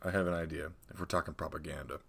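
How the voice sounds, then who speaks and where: A man co-hosting a podcast, pitching ideas for a tabletop adventure in casual, excitable chat with fillers and sound effects. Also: fast talker, creaky, breathy edge.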